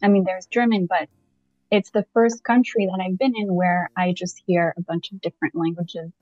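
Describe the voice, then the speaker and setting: A woman's voice: fairly low pitch, normal speed, no echo. Chatty young woman on dull call audio. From Canada. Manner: chatty, animated, with frequent fillers and laughs. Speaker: podcast guest. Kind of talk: casual conversation.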